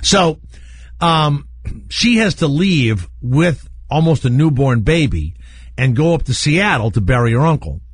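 A man hosting a talk radio show, rambling through candid stories and laughing at his own dark jokes. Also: fairly high pitch, expressive, a little slow, husky. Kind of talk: storytelling talk radio chat. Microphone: studio microphone.

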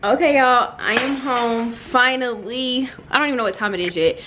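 A young woman in her twenties talks straight to her viewers in a chatty, playful, excitable way. Her voice sits a little high, and it comes through a camera mic. There is clear background noise behind her. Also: moderate pace. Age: 20s. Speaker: vlogger. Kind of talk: casual vlog chat to camera. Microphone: handheld camera mic.

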